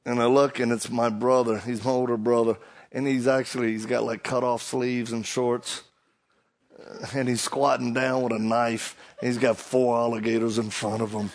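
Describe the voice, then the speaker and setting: Gravelly Louisiana preacher man. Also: mid-range voice, level tone. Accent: Louisiana Cajun. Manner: folksy storytelling, halting restarts. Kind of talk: sermon with humor.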